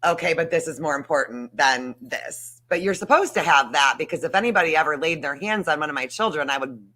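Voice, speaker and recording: A woman's voice: sits low, lively intonation, a little fast, bright, forceful tone. A woman guest in a casual chat, heated and emphatic, swearing as she talks.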